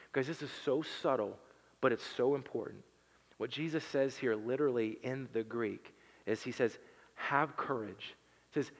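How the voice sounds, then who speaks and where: Male pastor, casual but impassioned sermon delivery, hushed to emphatic, lingering hall echo. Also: medium pitch. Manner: conversational preaching that swings from hushed to emphatic. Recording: long hall reverb.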